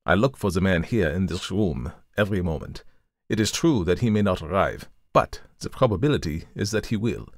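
Male reader doing a calm, methodical detective who lectures in formal tones, low-pitched, dry close sound, storybook reading. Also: dry recording. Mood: lecturing. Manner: measured, formal and explanatory. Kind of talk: audiobook reading of a classic story.

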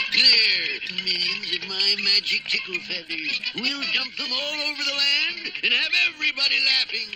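A man's voice: extremely high pitch, sharp tone, dry recording, heavily acted, low-quality recording. An actor playing a scheming, gleeful male mad-scientist villain in a 1960s cartoon, sneering and bossy.

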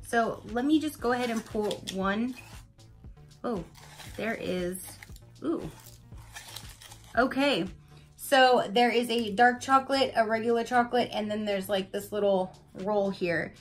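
A woman's voice: a little high, measured pace, pauses often, faint music behind. A woman reviewing an unboxing in a gushing, chatty way and addressing her viewers directly. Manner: gushing, chatty, many "like"s and "you guys". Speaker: unboxing vlogger. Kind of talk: casual product review.

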